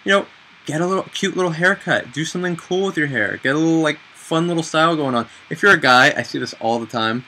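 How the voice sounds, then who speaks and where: A young man in his twenties talks through casual advice with a bright, forward tone and a lively, joking delivery. He laughs at himself easily and keeps things loose and conversational, with a faint hiss under the recording. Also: fairly high pitch, quick pace, low-quality recording. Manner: chatty, animated, self-mocking. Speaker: vlogger.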